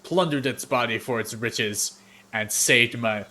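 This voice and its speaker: A man voicing a boastful male Earth Genasi warrior who tells bloody battle stories loudly. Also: a little slow. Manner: booming, swaggering storyteller.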